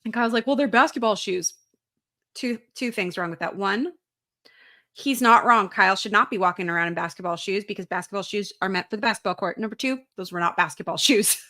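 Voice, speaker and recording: Young woman co-host, bright voice, blunt and sweary in casual chat. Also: medium pitch, fast talker. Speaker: podcast co-host.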